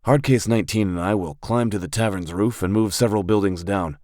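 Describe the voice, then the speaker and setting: A man voicing a calm, tactical male rogue who lays out plans in an even, level-headed way. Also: fairly low pitch, brisk, no echo, studio quality, close to an everyday voice. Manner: calm, planning.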